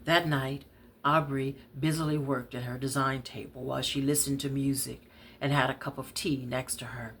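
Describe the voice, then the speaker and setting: Woman storyteller reading her novel aloud, steady and conversational. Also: rumbling low, moderate pace, a little hiss or hum.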